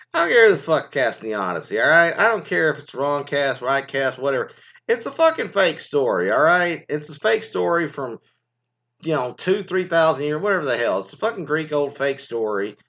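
Rambling, profane man with lively pitch. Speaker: commentary host. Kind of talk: ranting casual commentary. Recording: dull lo-fi sound.

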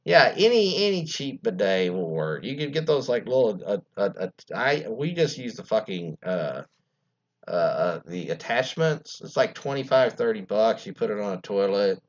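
A man's voice: on the low side, big pitch swings, moderate pace, dull audio. A man hosting an internet radio talk show, rambling casually with many fillers and restarts and some crude jokes.

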